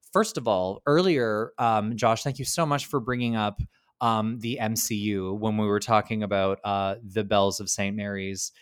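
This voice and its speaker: A young man co-hosting a casual film podcast, animated and profane, acting out scenes as he talks. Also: on the low side, clear, resonant tone. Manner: animated, swearing, acts out quotes. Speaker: podcast co-host.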